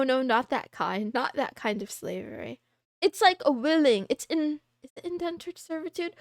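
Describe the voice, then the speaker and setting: A young woman VTuber chatting casually with her live chat, playful and quick to laugh. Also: sits high, no echo, clean studio sound. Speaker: VTuber streamer.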